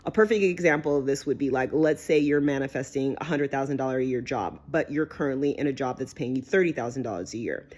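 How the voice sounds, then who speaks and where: Animated, swearing woman telling a story. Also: a bass voice, fast, few pauses. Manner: animated, emphatic, peppered with swearing and "right?". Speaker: vlogger. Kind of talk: casual storytelling to camera.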